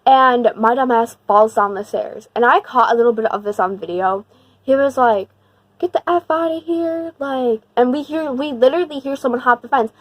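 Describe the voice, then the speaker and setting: Young woman vlogger, fairly high voice, slangy and rambling, emphatic storyteller, dry close sound. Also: fairly quick, dry recording, rough recording. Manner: slangy, rambling, heavy use of "like"; animated and emphatic when retelling the scary part. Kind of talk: casual storytime.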